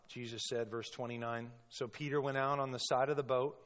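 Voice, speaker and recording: A man's voice: medium pitch, fairly even intonation, a little fast, few pauses. Impassioned male pastor in a reverberant hall. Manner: impassioned, acts out quotes with sudden loud bursts. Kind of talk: sermon. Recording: long reverb, dull sound.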